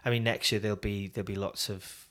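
Rambling British man, low voice. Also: fairly even intonation, quick pace, a bit bright. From Britain. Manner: rambling, self-deprecating, lots of ums. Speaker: worship singer-songwriter guest. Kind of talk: casual podcast interview.

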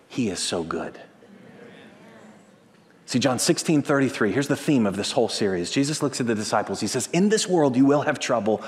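A man in his thirties preaching a sermon, telling stories with animation and swinging from loud to hushed. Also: medium pitch. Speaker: pastor. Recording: long hall reverb.

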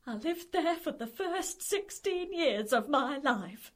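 A pompous, theatrical lady from a comedy radio drama, played by a woman, her northern English accent showing through the airs. Her voice sits high and swings wildly up and down. Everything comes out melodramatic. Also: expressive, takes it slowly. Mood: tearful. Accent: northern English, slipping through. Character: pompous middle-aged woman hiding a northern past.

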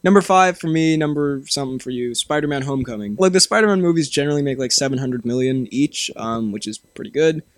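A man's voice: mid-range voice, lively intonation, fast, hardly any pauses, no echo. A young man hosting a podcast, chatting casually, laughing often and restarting sentences. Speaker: podcast host. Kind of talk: casual chat.

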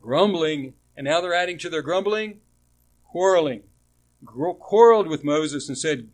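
A man's voice: a little high, expressive, normal speed. A man preaching a sermon in a conversational way, asking the congregation rhetorical questions and restarting phrases as he goes. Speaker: pastor.

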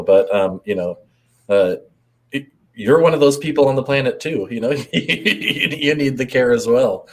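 A man in casual conversation, speaking thoughtfully and hesitantly, often pausing to search for words. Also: mid-range voice. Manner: hesitant, many fillers and restarts, thoughtful. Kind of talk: casual chat.

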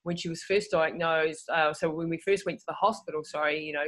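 Deep-voiced and brisk, this woman appears as a guest in a casual conversation, talking with animation. She keeps restarting sentences and voices what people are thinking, all captured on poor audio.

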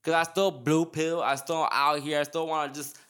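A man's voice: on the high side, level tone, moderate pace, fairly bright tone, clean tone. A man hosting a podcast in casual chat, rambling with slang and lots of restarts. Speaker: podcast host.

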